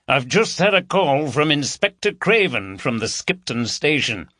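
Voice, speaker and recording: Gruff-warm Yorkshire DCI, brisk and teasing, raised bright voice, read by a male narrator, audiobook. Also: a little high, big pitch swings, no room sound, clean studio sound, pitched above the performer's own voice, exaggerated voice. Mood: hearty. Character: jovial Yorkshire male chief inspector, teasing.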